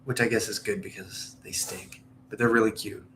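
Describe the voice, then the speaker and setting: A man's voice: fairly low pitch, fairly even intonation, normal speed, fairly bright tone, a little hiss or hum. A man from Southern Indiana chatting casually on a livestream while baking, rambling from one topic to the next. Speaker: livestream host.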